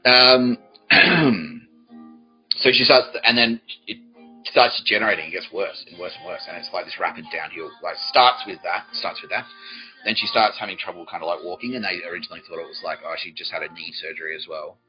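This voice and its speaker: Low-voiced man telling a rambling story. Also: brisk, muffled recording, faint music behind. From Australia. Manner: rambling, profane, lots of fillers and restarts. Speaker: podcast host. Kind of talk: comedic storytelling monologue.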